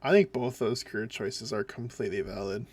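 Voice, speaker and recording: A man's voice: fairly low pitch, brisk, slightly rough. A man with a Minnesotan accent from the northern United States, chatting in a casual, rambling way while streaming a game. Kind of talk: casual live-stream chat.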